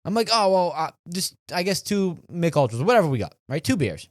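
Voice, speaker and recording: Animated young man telling a story. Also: high voice, a little fast, no room sound, clean studio sound. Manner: animated, acts out quoted voices. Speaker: podcast co-host. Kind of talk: casual storytelling chat.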